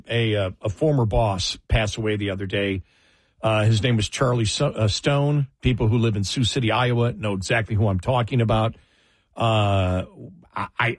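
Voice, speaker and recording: Older male talk radio host, halting. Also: fairly low pitch, dry recording. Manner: halting, many fillers and restarts, laughs through stories. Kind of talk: casual on-air reminiscing. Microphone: studio microphone.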